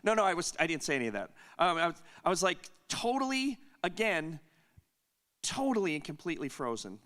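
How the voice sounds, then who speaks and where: A man's voice: a little high, sing-song, fairly quick, a bit bright. Chatty man telling a story at a Q&A. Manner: chatty, self-interrupting, laughs often. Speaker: conference Q&A host. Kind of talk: casual storytelling Q&A.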